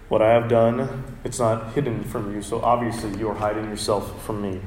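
A man's voice: fairly low pitch, little pitch movement, a little mellow, a little hiss or hum. Earnest man preaching in a roomy church. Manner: earnest, reads scripture aloud with pauses. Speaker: pastor. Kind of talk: sermon.

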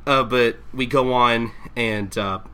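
A young man hosting a podcast, casually recapping manga chapters, laughing and acting out characters in quick voices. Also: medium pitch, fairly even intonation, pushed and bright, clear, resonant tone. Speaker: podcast host.

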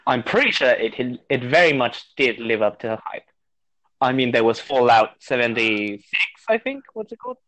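A man's voice: medium pitch, big pitch swings, moderate pace, fairly bright tone, poor audio. A man from Mexico speaks English with a British-sounding accent, a guest in an easygoing chat about games. His delivery is dry and understated, with frequent small hesitations. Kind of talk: casual gaming chat.

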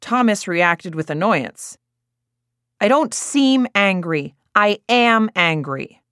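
A woman's voice: mid-range voice, measured pace, a bit bright, no room sound, studio quality, voice pushed up, close to an everyday voice. A woman reading a blunt, irritated parent in a parenting group, speaking in a curt, snappish way, in an audiobook. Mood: annoyed.

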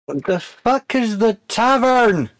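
A man's voice: very high-pitched, animated, takes it slowly, dry recording. A man playing a tabletop game in character, brash and swearing, coaxing others. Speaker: player.

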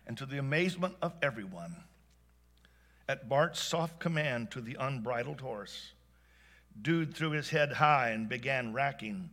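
A man telling a heartfelt story aloud, animated and swinging between hushed and excited delivery. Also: medium pitch, a little slow. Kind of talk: expressive spoken storytelling.

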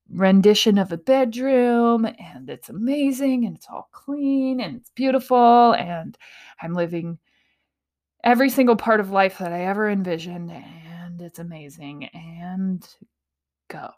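With a medium pitch and somewhat dark tone, a woman hosts a relaxed motivational talk. Her manner is playful and self-mocking, punctuated by frequent breathy whispers.

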